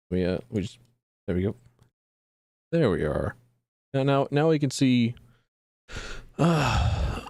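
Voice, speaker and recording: A man's voice: mid-range voice, dry recording. A young man streaming a video game, rambling in a self-deprecating way and fussing at his microphone. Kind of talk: casual gameplay commentary.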